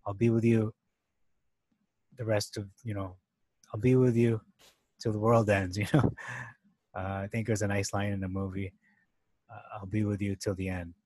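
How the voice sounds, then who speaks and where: A man's voice: on the low side, little pitch movement, normal speed, long pauses, darkish tone, dry recording, low-quality recording. A man talking through a Bible passage in a loose, thinking-aloud way, with many fillers and restarts and stressed key words. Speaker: Bible teacher. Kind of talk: casual scripture study talk.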